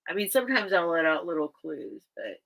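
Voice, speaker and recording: A woman's voice: on the low side, sing-song, a little fast, vocal fry, a bit bright, poor audio. A woman hosting a live vintage sale stream, chatting casually and emotionally with her viewers while tearful. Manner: rambling and emotional, talks straight to her viewers. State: teary.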